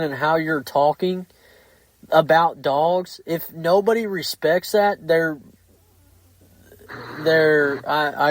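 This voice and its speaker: A man hosting a casual podcast chat, blunt and heavy on profanity, telling animated stories. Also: a little high, rough recording. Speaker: podcast host.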